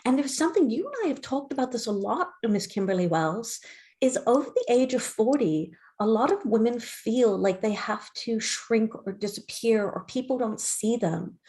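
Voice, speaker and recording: A woman's voice: moderate pace, few pauses, a little mellow. A middle-aged woman hosting a live skincare shopping broadcast, talking with enthusiastic sales energy. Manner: enthusiastic, sales-pitch delivery. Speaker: skincare brand host.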